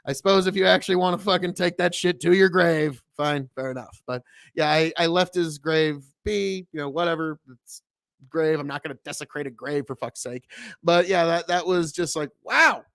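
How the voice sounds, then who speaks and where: American guy ranting casually, swears a lot, kinda high voice, dry mic. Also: moderate pace, gravelly, fairly bright tone, dry recording. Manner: rambling, profane, with restarts. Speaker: host reacting to a video. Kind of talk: casual reaction commentary.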